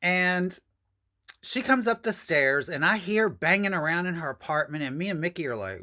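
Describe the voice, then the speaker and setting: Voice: mid-range voice, animated, normal speed, bright, forceful tone. A host telling a personal story in a casual vlog, chatty and addressing viewers as "y'all.".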